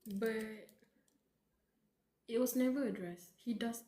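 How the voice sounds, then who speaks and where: A woman's voice: a little high, fairly even intonation, takes it slowly, mellow. A woman streaming a live novel reading, reacting emotionally in a rambling way with lots of fillers. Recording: roomy with faint background noise.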